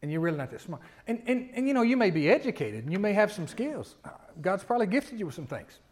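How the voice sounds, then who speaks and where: Middle-aged male pastor, high voice, chatty sermon delivery with rhetorical questions that swells to loud emphatic climaxes. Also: sing-song, fast talker. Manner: conversational preaching, rising to loud emphatic peaks, frequent rhetorical questions.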